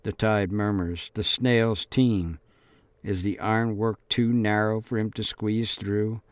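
A man narrating an audiobook in a measured, deliberate reading. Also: fairly low pitch, fairly even intonation, dry recording.

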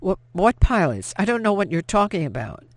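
A man's voice: on the high side, expressive, normal speed, no room sound. A man voicing a frightened but defiant young woman who protests in breathless, rising bursts. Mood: panicked.

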